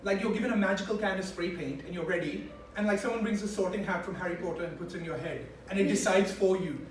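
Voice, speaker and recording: A young man from India with an English accent that still carries some Indian traces, performing a swearing, animated stand-up set for a few friends. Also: high-pitched, fast, a little hiss or hum. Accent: Indian-English, mostly English. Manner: animated, acting out voices, swearing. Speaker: stand-up comedian. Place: small room with a few friends. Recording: echoey room from a far mic, faint ambience.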